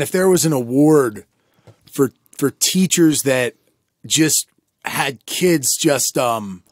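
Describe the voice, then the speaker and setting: A man co-hosting a casual podcast, telling rambling, animated stories with lots of restarts. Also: on the high side, dry recording, studio quality. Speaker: podcast co-host. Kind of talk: casual chat.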